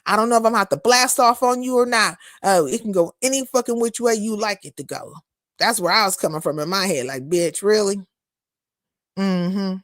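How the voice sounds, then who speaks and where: A woman live streaming, chatting casually with her viewers and answering their comments in a blunt, profane, animated way. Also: mid-range voice, normal speed, no echo, clean studio sound. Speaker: live streamer and content creator.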